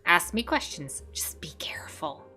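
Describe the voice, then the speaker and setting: A woman's voice: mid-range voice, sing-song, measured pace, faint music behind, full character voice. A woman voicing a small, fussy creature that guards its shells, speaking in dramatic, defensive outbursts while reading a game's lines. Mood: smug. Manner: dramatic, defensive, bursts of loud alarm.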